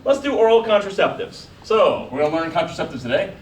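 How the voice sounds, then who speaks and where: A man's voice: sits high, animated, far from the mic, slight background noise. Man lecturing, quizzing the class. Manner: casual, quizzing students with quick questions. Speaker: college biology instructor. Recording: echoey classroom recorded from afar.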